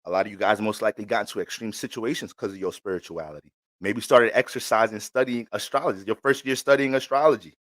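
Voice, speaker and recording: A man's voice: on the low side, steady tone, quick pace, no echo. A man talking casually and profanely about astrology on his own channel, joking as he goes. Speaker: astrology vlogger. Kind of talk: casual monologue.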